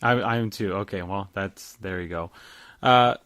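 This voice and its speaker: A man co-hosting a casual podcast, chatty and quick to get worked up. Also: low-pitched, clean tone, dry recording, clean studio sound. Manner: animated, jumps up when surprised. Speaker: podcast co-host. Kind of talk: casual chat.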